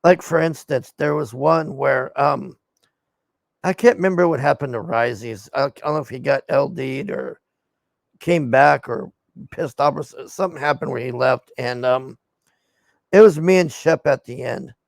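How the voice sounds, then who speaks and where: A man's voice: mid-range voice, moderate pace, creaky, no room sound. A male streamer and show host chatting casually to his viewers in a rambling, laid-back way, with lots of fillers and some swearing.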